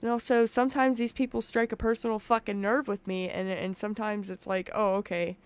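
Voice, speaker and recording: A woman streamer talking from her room at home in a smooth, clear voice of middle pitch. She rambles and restarts her sentences, swears often, and sounds emotionally raw. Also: little pitch movement, fairly quick. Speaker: commentary streamer. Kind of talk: casual reaction commentary. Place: home room with open window.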